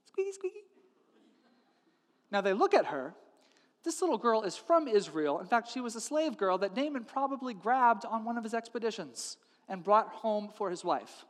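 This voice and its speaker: A man's voice: high voice, moderate pace, in a large hall. A man preaching a sermon, telling a story with humor and acting out its characters. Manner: animated, acts out characters with funny voices. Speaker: pastor.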